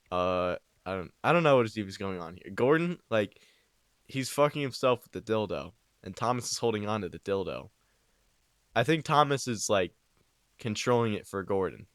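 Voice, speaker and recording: Brief: young male narrator, deadpan, rambling, crude improv, home mic. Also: low voice, clear, resonant tone, no room sound, studio quality. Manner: rambling, deadpan, swearing, ad-libbed. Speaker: amateur parody narrator. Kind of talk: improvised crude mock storytelling. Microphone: new home microphone.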